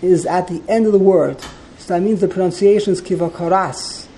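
Woman teacher, gravelly and mellow-toned, leads a text class with patient line-by-line explanations; faint room ambience behind. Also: on the low side, a little fast, slight background noise, rough recording. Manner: explanatory, translates line by line, digresses.

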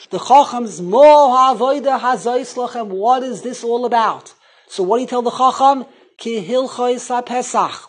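Husky man giving a rambling Torah class. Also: sits high, low-quality recording. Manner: rambling, animated storytelling with Hebrew and Yiddish terms. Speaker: rabbi teaching Torah.

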